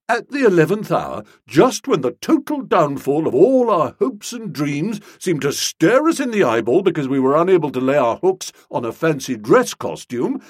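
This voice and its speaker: A man's voice: fairly high pitch, slightly rough, no room sound, studio quality, voice pushed up, exaggerated voice. A man doing a brash, hearty young man.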